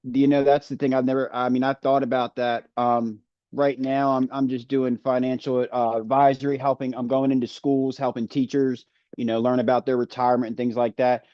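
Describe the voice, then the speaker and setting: A man's voice: mid-range voice, level tone, fairly quick, no room sound, lo-fi sound. A man answering as a summit guest on a video call, talking casually and hesitantly with many fillers. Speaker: guest speaker.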